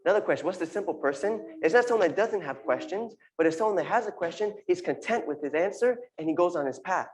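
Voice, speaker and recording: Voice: mid-range voice, expressive, fast talker, few pauses, slight background noise, low-quality recording. A speaker giving an earnest, informal sermon talk to a congregation, repeating phrases and using Hebrew terms. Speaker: congregation member giving a drash.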